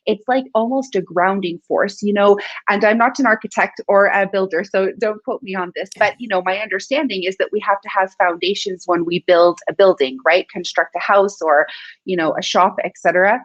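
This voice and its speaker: This is a woman talking over a video call, warmly effusive and quick to celebrate others. Her sound is dry and close, with a dull, lo-fi edge from the call audio. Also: mid-range voice, no echo. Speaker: podcast co-host guest. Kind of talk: casual video-call interview.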